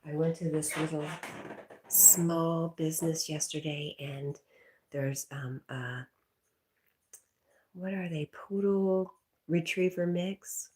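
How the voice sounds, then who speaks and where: A woman hosting a casual livestream, reading viewer comments aloud, talking to her dog and often dropping to a soft whisper. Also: sits low, steady tone, slow, pauses often. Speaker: livestream host.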